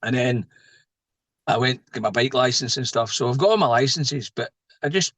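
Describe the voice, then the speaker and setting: This middle-aged man speaks with a Scottish accent and a mid-range voice at a normal speed, with no room sound. He's a lorry driver spinning an animated yarn in casual conversation, voicing the characters in his tale.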